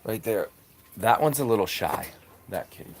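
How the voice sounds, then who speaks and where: A man's voice: on the low side, animated, moderate pace, background noise. A man hosting a live stream from a farm, doing chores in the barn and talking fondly to the animals as he goes. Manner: chatty, talks fondly to the animals.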